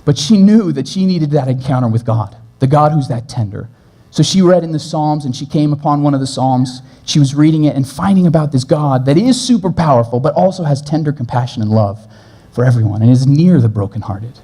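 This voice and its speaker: A man preaching a sermon as pastor, earnest, moving between brisk stretches and slow, gentle passages. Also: a little high. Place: church.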